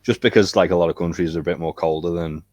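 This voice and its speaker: A man's voice: deep voice, fairly even intonation, fast talker, a little mellow, no room sound, muffled recording. A man co-hosting a podcast, explaining things casually with many fillers. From England. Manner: explanatory, lots of "like". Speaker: podcast co-host. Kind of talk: casual chat.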